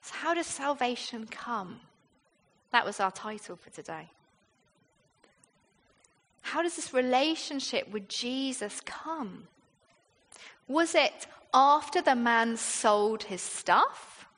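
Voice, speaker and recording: A woman's voice: a little high, animated, slow, pauses often, a bit bright. A British woman preaching a sermon in a conversational way, often asking her listeners rhetorical questions. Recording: long reverb of a large hall.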